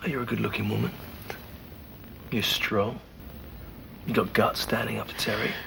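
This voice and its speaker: An actor playing a soft-spoken man consoling a woman in a soap opera scene, hushed and reassuring. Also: lowish voice, level tone, moderate pace, gravelly, noisy background.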